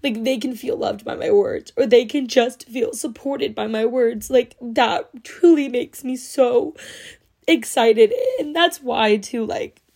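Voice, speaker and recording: A woman's voice: fairly high pitch, slow, a little mellow. Gushing young woman podcast host. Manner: gushing, heavy use of "like", emotional and teary. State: teary, on the verge of crying. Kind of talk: casual solo podcast chat.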